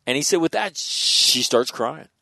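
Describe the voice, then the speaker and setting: A man hosting a podcast, telling stories in a casual, profane, animated way with frequent restarts. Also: fairly high pitch, a little slow, gravelly, no room sound.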